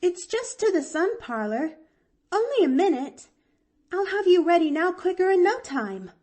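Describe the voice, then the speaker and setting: A woman's voice: high-pitched, big pitch swings, takes it slowly, warm tone, pitched above the performer's own voice, full character voice. A woman doing a bubbly, breathless young girl. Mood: excited, pleading. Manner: breathless, pleading, exclamatory. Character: eager cheerful young girl.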